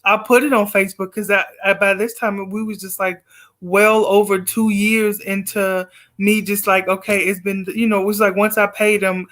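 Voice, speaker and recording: High-voiced man telling a story over a video call. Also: little pitch movement, normal speed, fairly bright tone. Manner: rambling, filler-heavy telling that acts out quoted exchanges. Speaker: guest poet. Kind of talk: casual interview storytelling.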